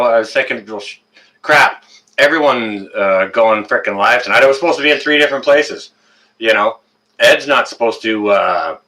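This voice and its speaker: Male stream host, lowish pitch, bright tone, loose rambling chat with viewers. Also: poor audio. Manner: rambling, greets chat viewers by name, frequent uh fillers. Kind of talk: casual live stream chat.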